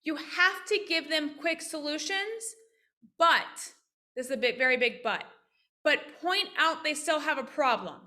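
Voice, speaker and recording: A woman physical therapist teaching practice owners on a video call, lively and interactive, often asking questions. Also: sits high, measured pace. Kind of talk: casual online teaching with role-played examples.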